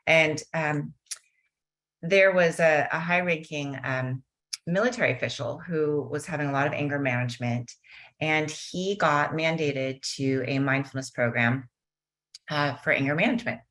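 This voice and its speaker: Low-voiced woman teaching mindfulness. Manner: warm storytelling, slows into soft guided meditation. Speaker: mindfulness teacher and guest speaker. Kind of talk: webinar talk with guided meditation.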